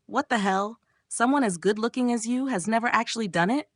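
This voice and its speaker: A woman's voice: a little high, brisk, dry recording, close to an everyday voice. A woman voicing a cocky young man who smirks and teases his sister, in a smug, teasing tone.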